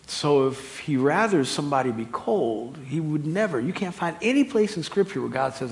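A middle-aged man preaching a sermon, animated and humorous, swinging from loud high exclamations to quiet, low emphasis. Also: moderate pace, hardly any pauses. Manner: humorous, laughing at own stories. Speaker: pastor.

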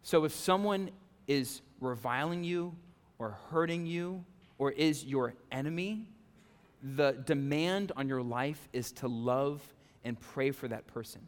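A male pastor preaching a conversational sermon, animated, with frequent "okay?" and "right?" asides to the congregation. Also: on the high side, a little slow, long reverb tail. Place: church sanctuary.

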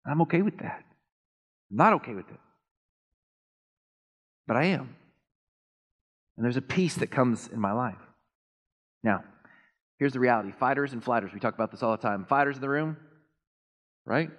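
A man preaching a sermon as pastor, animated and self-deprecating, swinging between quiet asides and loud emphasis. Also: mid-range voice, normal speed, pauses often. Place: church sanctuary. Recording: long reverb of a church hall.

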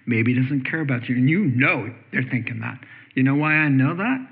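A man's voice: mid-range voice, expressive, a little fast. A man pastor preaching a sermon in a conversational way, asking rhetorical questions. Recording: tinny phone-like sermon audio.

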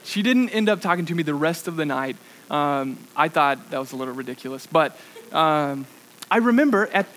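A young man preaching with an animated story full of fillers, acting out what he said in the past. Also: on the high side, rough recording. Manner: animated storytelling with many fillers, acts out his own past lines. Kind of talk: sermon illustration, personal story.

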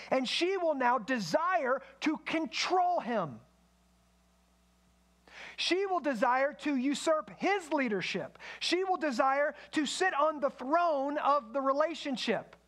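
A man's voice: very high voice, fairly bright tone. A man preaching a sermon in a conversational way, with asides to the congregation. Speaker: pastor.

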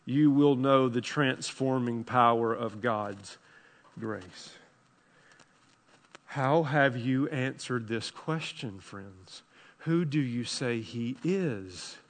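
A man preaching a sermon as pastor, impassioned and pleading, swinging between hushed and loud passages. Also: mid-range voice, takes it slowly. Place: church sanctuary. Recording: long hall reverb.

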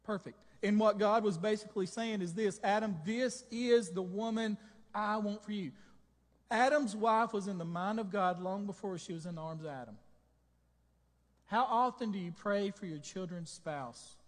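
A man preaching to his congregation, high in pitch and lively, tossing out jokes and questions. His voice rings with the long reverb of a church hall. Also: normal speed. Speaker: pastor. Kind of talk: sermon.

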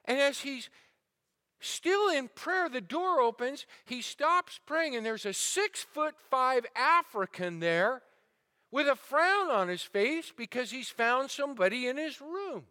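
A male pastor preaching a sermon, telling stories with swings between building intensity and a hushed, somber tone. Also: extremely high pitch, lively intonation, takes it slowly, smooth. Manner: dramatic storyteller, rising and falling intensity. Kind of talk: sermon storytelling. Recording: sermon audio recording.

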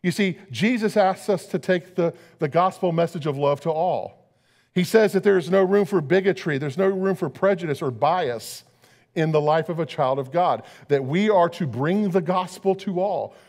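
A man's voice: on the high side, moderate pace, a little mellow, big-room sound. A man preaching a sermon as pastor, talking conversationally and asking his listeners rhetorical questions.

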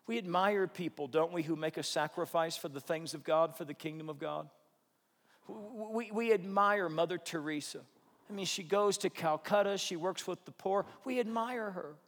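A man preaching a sermon as a pastor, building to fervent calls and easing into a quiet prayer. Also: sits high. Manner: impassioned preaching that drops to a soft prayer. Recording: echoey hall.

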